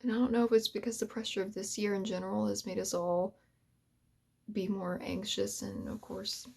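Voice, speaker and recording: Breathy, emotional woman, half-whispering. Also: medium pitch, little pitch movement, moderate pace, a little mellow. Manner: earnest, drifting in and out of whisper. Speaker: ASMR channel host. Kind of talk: soft-spoken heartfelt talk to creators.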